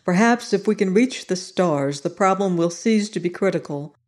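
A narrator voicing an old male sociologist, benign and softly insistent, in an audiobook reading. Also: medium pitch, lively intonation, normal speed, close to an everyday voice. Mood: grave. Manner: soft and insistent.

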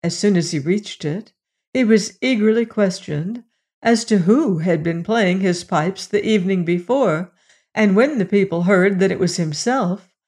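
A woman narrating a storybook with a steady, even read-aloud delivery. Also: on the low side.

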